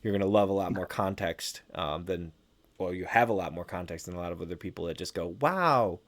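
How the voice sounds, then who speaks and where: A man's voice: low-pitched, level tone, fast. A man hosting a podcast in casual chat, telling jokey stories in a laid-back way and saying bro and man. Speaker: podcast host.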